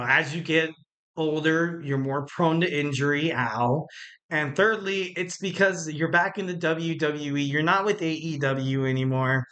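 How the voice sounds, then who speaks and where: A man hosts his wrestling podcast solo, his voice bright and a touch high for a man. He rambles in a loose, joking way, full of fillers and quick self-corrections. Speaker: podcast host. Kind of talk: casual wrestling podcast monologue.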